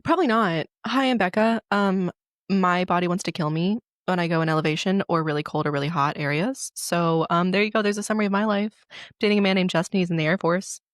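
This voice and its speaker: Lively, low-voiced young woman chatting. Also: fast, dry recording, clean studio sound. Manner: animated storyteller, swears freely. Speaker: podcast co-host. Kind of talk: casual chat.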